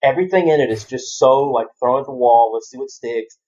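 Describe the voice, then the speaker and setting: A man's voice: medium pitch, brisk, darkish tone, highs cut off. A man chatting casually on a podcast as a guest, rambling through stories and swearing freely. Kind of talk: casual chat.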